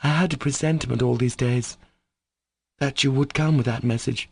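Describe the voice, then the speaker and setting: A man's voice: mid-range voice, fairly even intonation, normal speed, gravelly, a little mellow, slightly rough, no room sound, voice pushed up. A man voicing a proud, anguished young woman in an audiobook, who falters and stammers. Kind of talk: audiobook character voice.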